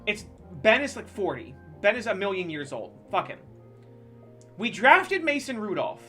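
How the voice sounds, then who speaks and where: Game streamer mid-rant: animated delivery with a bright, forward tone. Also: medium pitch, moderate pace, faint music behind. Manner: animated, profane sports ranting. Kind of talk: casual rant while live-streaming a game.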